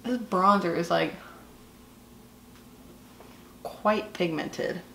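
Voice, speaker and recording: A woman's voice: fairly low pitch, extremely slow, creaky, a bit bright, slight background noise. A woman in her twenties with a Southern US accent, chatting casually and gushing while doing her makeup, with lots of fillers. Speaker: beauty vlogger. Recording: echoey room.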